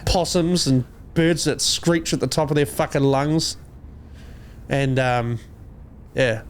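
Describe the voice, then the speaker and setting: A man's voice: medium pitch, slow, a little hiss or hum. A man in his thirties with a New Zealand accent, co-hosting a podcast in casual comedy chat, swearing a lot and rambling through jokes. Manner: profane, rambling, jokey. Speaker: podcast co-host.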